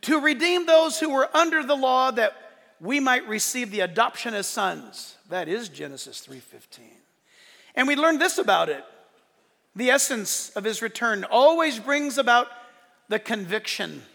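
A pastor preaches with a lively, animated delivery, briefly acting out the voices he quotes. His voice sits very high and rings bright and forceful. It carries through a large hall with a long, trailing reverb. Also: moderate pace, gravelly. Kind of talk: sermon.

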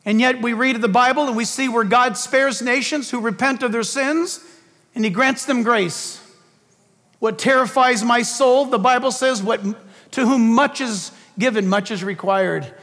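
A man's voice: extremely high pitch, measured pace, fairly bright tone. A man preaching a fervent political sermon, emphatic and full of rhetorical questions, in a large hall or church.

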